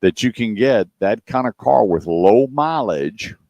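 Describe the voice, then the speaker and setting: A man's voice: mid-range voice, lively intonation, a little slow, darkish tone, dry recording, highs cut off. A man hosting a car radio show, casually retelling a customer call and acting out both sides in a dry, matter-of-fact way.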